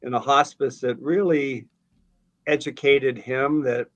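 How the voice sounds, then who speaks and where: A man's voice: medium pitch, steady tone, slow, highs cut off. A middle-aged man speaking as a guest in an interview, plain-spoken, earnest and reflective, with some hesitations. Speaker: guest, financial advisor. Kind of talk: conversational interview.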